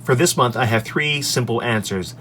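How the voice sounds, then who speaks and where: An English teacher in his office goes through his lesson slides cheerfully, pronouncing each example sentence clearly into a desk microphone on an extension arm. His medium-pitched voice is pushed and bright at a moderate pace, with slight background noise.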